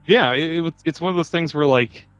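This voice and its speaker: A man with a fairly high voice trades loose, profane banter about a film as a podcast co-host. He drops into put-on voices for quick bits. The sound is dry and close, with no room around it. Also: a bit bright, no room sound, dull audio, soft background music. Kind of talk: casual movie-review chat.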